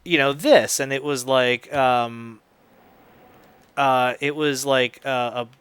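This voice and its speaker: A man's voice: mid-range voice, fairly even intonation, takes it slowly, a bit bright. Rambling man telling a story while gaming. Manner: rambling, filler-heavy storytelling with quoted dialogue. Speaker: gaming video host. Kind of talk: casual storytelling while playing a game.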